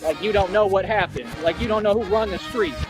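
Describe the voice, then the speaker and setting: A man's voice: high-pitched, a little fast, over music, rough recording. A man ranting in a livestream clip, mocking others, constantly breaking into laughter and using street slang. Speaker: self-styled real-life superhero in a clip.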